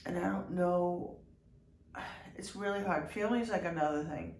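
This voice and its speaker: A woman hosting her own video diary, speaking in an emotional, halting way with many restarts and fillers. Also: on the low side, a little mellow. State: tearful at times. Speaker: channel host. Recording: echoey room, somewhat far from the mic, faint background noise.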